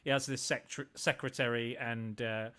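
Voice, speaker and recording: A man's voice: mid-range voice, steady tone, normal speed, bright, forceful tone, smooth. A man hosting a podcast, talking through a film casually with frequent restarts. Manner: hesitant, many restarts. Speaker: podcast host.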